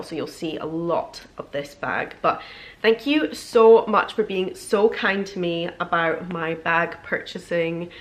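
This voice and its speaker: A woman's voice: on the low side, fairly bright tone. Gushing young British woman vlogger. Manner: gushing, chatty, many fillers like "like". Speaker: beauty and lifestyle vlogger. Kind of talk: excited unboxing vlog chat.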